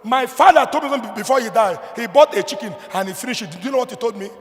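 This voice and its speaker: Emphatic high-voiced Nigerian preacher, reverberant hall. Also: male voice, very fast. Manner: emphatic preaching, swinging between loud declarations and low asides. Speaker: pastor. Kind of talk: sermon.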